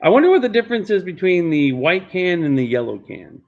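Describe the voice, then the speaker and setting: A man working as an auctioneer on a livestreamed benefit auction, repeating bid calls in a steady chant and cracking jokes in between. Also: high-pitched, brisk, dull audio. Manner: repetitive bid-calling chant with joking asides.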